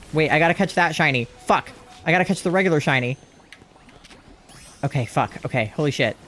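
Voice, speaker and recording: This young man's voice is a little high as he talks through his live gaming stream. Calm stretches bring rambling chatter, while tense moments make him panic and swear excitedly.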